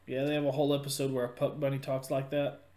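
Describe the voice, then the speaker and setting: A man's voice: medium pitch, completely flat delivery, fast talker, mellow. A man co-hosting a podcast, trading crude, joking banter while watching wrestling. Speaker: podcast co-host. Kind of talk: casual chat watching wrestling. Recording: roomy echo.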